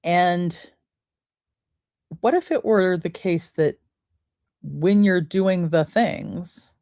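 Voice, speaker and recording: Slow, low-voiced woman guiding breathing. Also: warm tone, no echo, studio quality. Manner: slow, soothing, counts breaths aloud. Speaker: podcast host. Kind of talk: guided breathing and wellness talk.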